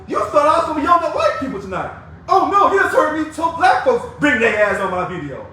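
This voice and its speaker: This union activist's very high voice is bright and forceful, very animated and a little fast. Angry and fired up, he gives members a combative, preachy video rant, calling people out and taunting them. The audio is echoey and distant, with faint background noise.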